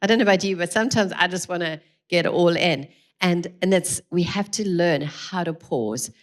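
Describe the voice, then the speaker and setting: A woman's voice: fairly low pitch, normal speed. Earnest woman addressing a parenting evening. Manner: earnest, encouraging, addresses the room directly. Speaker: speaker at a church parenting evening. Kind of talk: live talk to an audience. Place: large room with a live audience.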